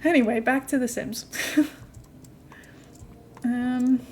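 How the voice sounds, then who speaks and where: A young adult woman streaming a game from home, chatting in a rambling, casual way and cooing softly at her cat now and then. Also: sits high, steady tone, takes it slowly, a little hiss or hum. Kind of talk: casual live-stream chat while gaming.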